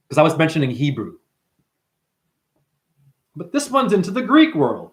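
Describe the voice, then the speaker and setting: A man hosting a livestream and ranting preachily at his viewers, swinging between hushed asides and loud outbursts. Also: fairly high pitch, huge pitch swings, moderate pace, long pauses. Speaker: livestream host and numerology teacher.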